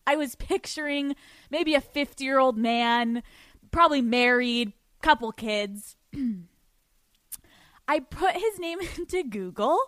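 A woman's voice: sits high, slow, long pauses, fairly bright tone, no echo. A young woman hosting a podcast, telling a story in a giddy, profane way and laughing often. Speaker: podcast host. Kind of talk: casual storytelling monologue.

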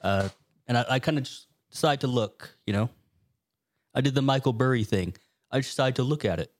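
A man's voice: medium pitch, a little fast, no echo, clean studio sound. A man co-hosting a casual podcast, telling stories in a laid-back, matter-of-fact way. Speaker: podcast co-host. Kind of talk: casual chat.

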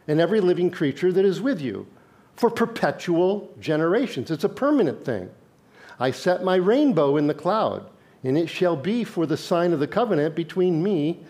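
A man's voice: fairly high pitch, darkish tone. A male pastor preaching a sermon in a conversational way, reading scripture and putting questions to his congregation.

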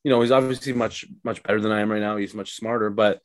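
Young man, stand-up comic, casual profane rambling, lowish pitch, dry close sound. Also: fairly even intonation, fast talker, dry recording. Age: young adult. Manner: loose, profane, rambling with many fillers. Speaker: stand-up comedian, podcast guest. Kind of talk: casual podcast chat.

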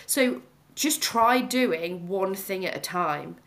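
A woman's voice: medium pitch, animated, slow, fairly bright tone. Woman, mindfulness teacher, casual podcast chat, reassuring, talkative. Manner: chatty, reassuring, lots of "like".

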